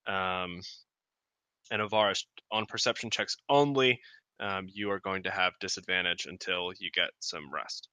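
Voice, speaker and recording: Man in the GM chair, casual filler-heavy narration, crisp, smooth voice. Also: low-pitched, normal speed, sharp tone, dry recording. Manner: loose and rambling, many ums and uhs. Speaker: game master. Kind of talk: narrating a tabletop game.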